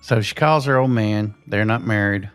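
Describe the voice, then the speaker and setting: A man's voice: lowish voice, moderate pace, clean tone, faint music behind. A man, the show's host, casually telling a ghost story in a rambling way with lots of fillers. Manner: rambling, full of "you know" fillers.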